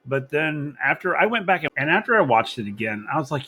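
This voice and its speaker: Guy cohosting a wrestling podcast, bright voice, laughs a lot, keeps restarting sentences. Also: a little high, big pitch swings, brisk, slightly rough. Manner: chatty, laughs often, repeats himself. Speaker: podcast co-host. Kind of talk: casual wrestling podcast chat.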